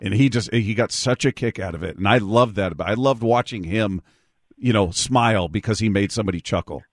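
Man, radio host, low voice, dry close studio mic, reflective, restarting phrases. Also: brisk, dry recording. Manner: warm repetitive restarts, reflective. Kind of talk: call-in radio tribute chat.

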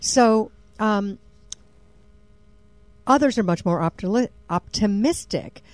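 A woman's voice: mid-range voice, expressive, slow, no echo. A woman co-hosting an investing radio show, chatty as she reads out survey figures. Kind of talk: casual radio talk.

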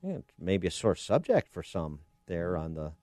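Man, talk radio host, deep voice, dry studio sound, emphatic rhetorical questioning. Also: big pitch swings, a little slow, warm tone, dry recording. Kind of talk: opinionated talk radio commentary.

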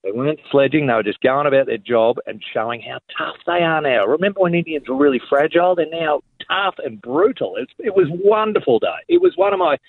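A man's voice: a little high, big pitch swings, fairly quick, gravelly, hardly any pauses, no echo. An Australian man, a cricket commentator, chatting casually on radio, blokey and joking as he tells stories with enthusiasm. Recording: tinny phone line, dry.

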